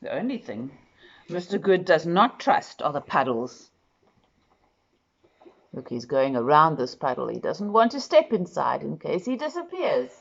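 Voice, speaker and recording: A woman reading a children's picture book aloud, expressive and speaking directly to the listener. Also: sits low, unhurried, vocal fry, highs cut off. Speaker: storyteller.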